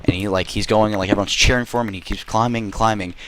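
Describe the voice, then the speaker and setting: A man's voice: lowish voice, fairly even intonation, very fast, noisy background. A man telling a rambling, silly story to friends in a game voice chat, full of fillers and swearing.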